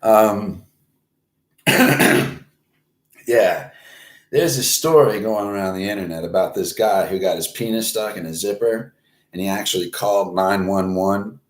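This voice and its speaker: A man in his forties tells a crude, rambling story, swearing all the way through and raising his voice whenever he acts out a scene. His voice sits on the low side. The sound bounces around an echoey room. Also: unhurried, long pauses. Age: 40s. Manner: crude, rambling, swears constantly, animated when reenacting. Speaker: host. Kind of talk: profane storytelling monologue. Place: Florida, United States.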